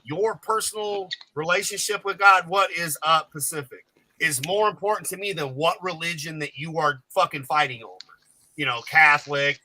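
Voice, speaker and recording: A man's voice: fairly high pitch, pushed and bright, low-quality recording. A man telling jokey, rambling, profane stories as a guest on a podcast panel. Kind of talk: casual storytelling chat.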